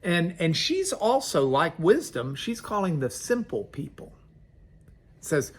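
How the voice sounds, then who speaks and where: A man's voice: on the high side, very animated, unhurried. A man, a pastor giving a folksy, conversational devotional talk. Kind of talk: devotional sermon.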